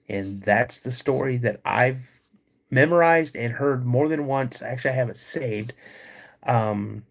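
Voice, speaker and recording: A man hosting a live podcast, retelling a creepy encounter slowly with dramatic pauses. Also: mid-range voice. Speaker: podcast host.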